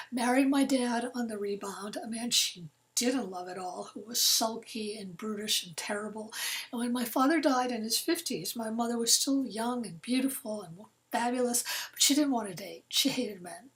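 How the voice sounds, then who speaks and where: A woman in her sixties, a novelist telling a personal story to an audience, earnest and dropping to soft near-whispers at heavy moments. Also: on the high side, moderate pace, rough recording. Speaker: novelist giving a talk.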